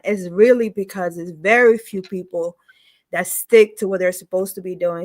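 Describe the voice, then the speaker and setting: A woman's voice: medium pitch, a bit bright. A woman co-hosting a live show, speaking in a heartfelt, emotional way. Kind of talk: casual live-show talk.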